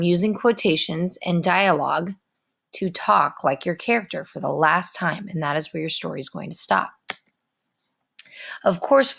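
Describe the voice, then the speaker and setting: A woman teacher giving a recorded writing lesson to her students in a clear, instructive and repetitive way. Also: fairly low pitch.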